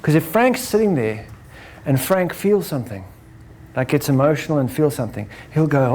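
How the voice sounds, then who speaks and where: Brief: higher-voiced man lecturing a crowd, lively, acts out his examples. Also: normal speed. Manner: animated, acts out examples, ends points with "right?". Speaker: speaker. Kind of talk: lecture to an audience.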